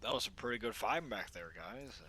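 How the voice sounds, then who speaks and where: A man's voice: on the low side, lively intonation, brisk, sharp tone, a little hiss or hum. A man playing a tabletop game over voice chat, easygoing and describing what his character does. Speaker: player.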